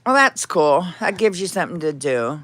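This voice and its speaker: A woman's voice: on the low side, big pitch swings, normal speed, fairly bright tone, no room sound. Candid woman chatting on a livestream. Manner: rambling, candid, talks to her cats and chat. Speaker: livestream host. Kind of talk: casual livestream chat. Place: home.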